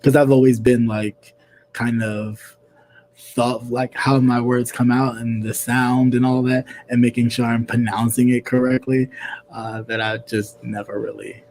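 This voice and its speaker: A man's voice: medium pitch, level tone, a little slow, a little mellow, a little hiss or hum. Rambling man hosting a chat stream. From New York. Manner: rambling, many fillers and throat-clearing. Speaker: host. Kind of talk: casual live-stream chat.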